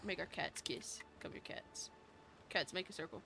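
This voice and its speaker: A woman's voice: fairly low pitch, moderate pace, vocal fry, over music. A young adult woman streaming a video game in casual commentary, swearing freely and mock-reading the dialogue aloud.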